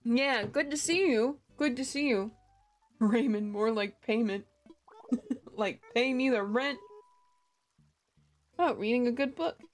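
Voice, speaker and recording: A woman's voice: on the high side, takes it slowly, pauses often, faint music behind. A woman streamer chatting casually and giggling often as she plays a cozy life-sim game and greets her chat. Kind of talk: casual gaming livestream chat.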